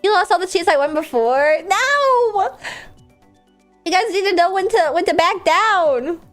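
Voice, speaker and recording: A woman streamer chatting casually and rambling with lots of fillers, breaking into sudden loud outbursts while she plays a game. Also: extremely high pitch, fairly quick, faint music behind. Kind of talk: casual live-stream chat while gaming.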